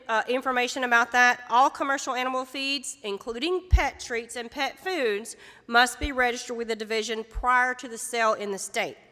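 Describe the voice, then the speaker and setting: A chatty woman gives a casual workshop talk to a room of producers. Her voice is fairly high and bright, and it rings with a long, echoey reverb from a large hall. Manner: chatty, folksy, with many fillers and asides. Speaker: extension presenter on food labeling.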